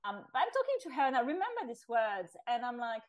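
A woman's voice: a little high, very animated, quick pace, poor audio. A middle-aged woman, a podcast guest, telling her personal story in a chatty way, with restarts and laughs. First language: French. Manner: chatty, with restarts and laughs, acts out her past self in quotes. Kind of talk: personal testimony in an interview.

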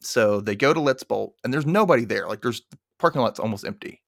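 A man's voice: medium pitch, fairly quick, gravelly, no echo, clean studio sound. A man hosting a podcast, casually recapping an episode and acting out the characters' lines. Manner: animated retelling, acting out quotes. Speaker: podcast host.

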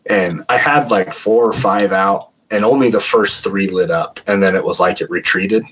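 A man's voice: on the low side, steady tone, normal speed, a little hiss or hum, rough recording. A man, a paranormal investigator, casually telling a story as a podcast guest and saying "like" a lot. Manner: chatty, heavy use of "like".

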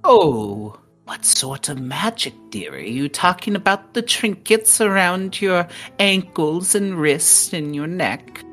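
A woman's voice: on the low side, animated, slow, few pauses, fairly bright tone, faint music behind, voice pushed up, heavily acted. A woman voicing a sly, sickly sweet old hag granny who calls everyone dearie. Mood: sugary scheming.

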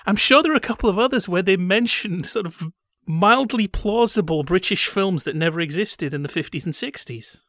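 Guy on a podcast rambling wryly, slightly higher voice, dead dry sound. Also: lively intonation, normal speed, fairly bright tone, dry recording. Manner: wry, digressive storyteller. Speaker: podcast co-host. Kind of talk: casual chat about old British TV.

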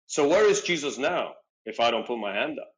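Middle-aged male guest, animated casual storyteller, acts out dialogue. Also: medium pitch, brisk, poor audio. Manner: animated, acts out dialogue, frequent "you know". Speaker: podcast guest.

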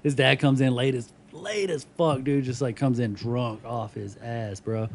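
A man's voice: mid-range voice, a little slow, a little hiss or hum. Mumbling profane guest man. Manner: loose, profane, mumbling storytelling. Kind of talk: casual chat.

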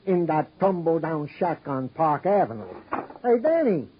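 An actor playing a good-natured police sergeant in a 1950s radio drama, chummy, with wordy, mock-formal phrasing and a slightly hoarse voice. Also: male voice, a little high, big pitch swings, unhurried, exaggerated voice. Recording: dull old radio broadcast recording.

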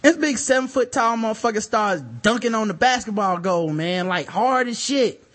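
Male podcast co-host, high voice, lively casual storyteller, laughs and cusses. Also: normal speed, slight background noise. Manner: animated storyteller, laughs often, swears freely.

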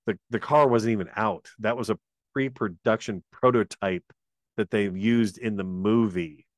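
Man, lowish voice, dry close sound, chatty, trivia. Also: normal speed, dry recording. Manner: chatty, laughs often, reads trivia aloud. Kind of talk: casual movie chat.

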